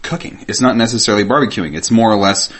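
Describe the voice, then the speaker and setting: A man's voice: on the low side, fast talker, a bit bright. A man co-hosting a casual podcast, tossing in dry jokes and asides. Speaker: podcast co-host. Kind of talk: casual chat.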